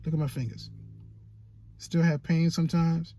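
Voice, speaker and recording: A man's voice: a little high, flat delivery, moderate pace, dark tone, slight background noise. A man giving motivational vlog talk as a YouTube coach, preachy and repeating phrases for emphasis.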